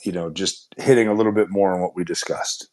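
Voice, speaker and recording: A man's voice: low voice, fairly even intonation, brisk, darkish tone. A man, a company executive, hosting a casual shareholder Q&A and talking in earnest, upbeat run-on sentences with frequent restarts. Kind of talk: casual conference-call Q&A.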